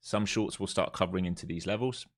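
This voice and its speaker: Deep-voiced man calling trades live. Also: quick pace. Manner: casual, blunt, swears freely; thinks aloud, repeats key points. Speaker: live stream day trader. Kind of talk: live market commentary.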